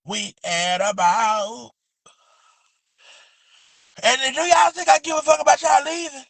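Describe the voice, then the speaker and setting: A man with a notably high voice hosts a loose, chatty phone livestream outdoors, calling his viewers baby and boo. He stretches his pet phrase out in a sing-song drawl. The sound is dry and close, with no room echo. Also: fairly even intonation, slow, fairly bright tone. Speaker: livestream host. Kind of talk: casual livestream chat. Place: outdoors next to a house.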